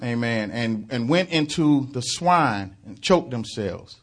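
A man preaching a sermon, dramatizing the story with loud surges and quiet asides, with frequent halting fillers. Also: mid-range voice, expressive. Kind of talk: fervent sermon.

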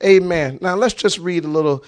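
A man preaching a sermon with passion, repeating phrases and shouting key words for emphasis. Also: on the high side, animated, moderate pace.

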